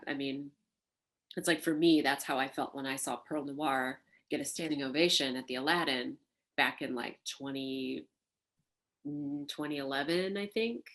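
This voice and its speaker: A woman, a burlesque performer, recalling her life in an oral history interview, animated and laughing, with many fillers. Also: extremely low pitch. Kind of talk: reflective interview storytelling.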